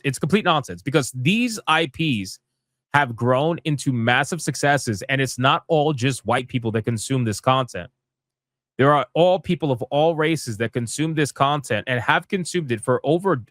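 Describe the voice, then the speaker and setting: A man's voice: mid-range voice, expressive, normal speed, fairly bright tone, dry recording, studio quality. A young man hosting a live gaming commentary stream, ranting in a heated, profane, exasperated way.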